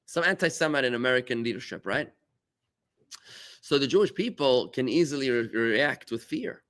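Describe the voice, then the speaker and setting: A man, a rabbi, giving a lively talk to his congregation and trading remarks with them, with sudden exclamations. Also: moderate pace. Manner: animated, with big pitch jumps and exclamations.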